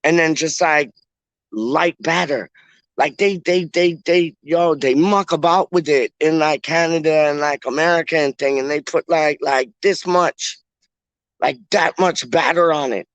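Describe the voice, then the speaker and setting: A man's voice: a little high, unhurried, no room sound. Slangy man chatting on stream. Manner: slangy, rambling, heavy use of "like". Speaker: livestream host. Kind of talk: casual live chat.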